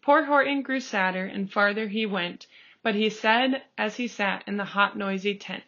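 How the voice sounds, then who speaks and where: A woman reading a picture book aloud, slow and expressive, calling out the page turns. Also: mid-range voice. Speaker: storybook reader. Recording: dull lo-fi recording.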